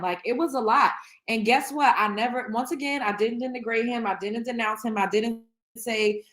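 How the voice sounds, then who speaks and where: A woman's voice: a little high, moderate pace, fairly bright tone. A woman hosting her own show, talking candidly to camera in an emotional, blunt way, swearing freely and rambling with restarts. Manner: rambling, many restarts and fillers. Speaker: show host. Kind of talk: candid reaction vlog.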